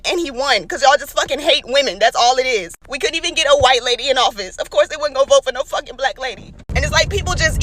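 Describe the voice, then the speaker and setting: Fast-talking, high-voiced ranting woman. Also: fairly bright tone. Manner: profane, emphatic, indignant. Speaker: vlogger. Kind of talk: angry ranting monologue. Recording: noisy background.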